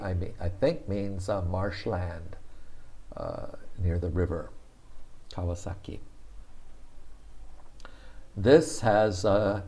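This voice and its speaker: A man giving a casual spoken language lesson, thinking aloud with frequent fillers and repeating words slowly for practice. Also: deep voice, gravelly, dark tone. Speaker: language teacher.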